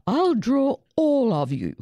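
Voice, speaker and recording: A woman voicing an excited, imaginative little girl in a storybook reading, with a giggly, high voice. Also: slow, no room sound, muffled recording, exaggerated voice. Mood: bossy.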